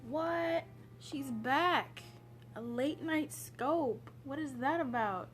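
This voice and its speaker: A woman's voice: high voice, slow, faint music behind. A woman from Zambia, a personal development coach, chatting on a late-night live stream, greeting viewers by name.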